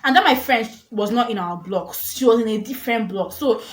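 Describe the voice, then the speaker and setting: A young woman telling a storytime vlog, animated and dramatic, laughing often. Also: fairly high pitch, brisk. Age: young adult. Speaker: vlogger. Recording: echoey room with faint noise.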